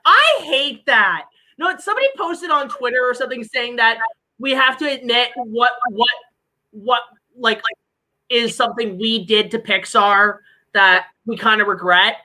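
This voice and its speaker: A woman's voice: a little high, a little slow, sharp tone, rough recording. A woman hosting a stream, chatting casually, joking and rambling with a lot of swearing. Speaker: stream host. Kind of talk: casual chat.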